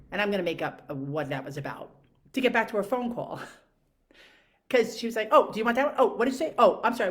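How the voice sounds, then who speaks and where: A woman telling exasperated, animated stories in a casual monologue rant, swearing freely. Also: on the low side. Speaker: podcast host.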